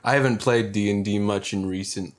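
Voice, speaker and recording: A man chatting casually, telling stories in a halting way full of fillers. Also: on the low side, steady tone. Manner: halting, filler-heavy storytelling. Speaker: podcast co-host and game master. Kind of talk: casual chat.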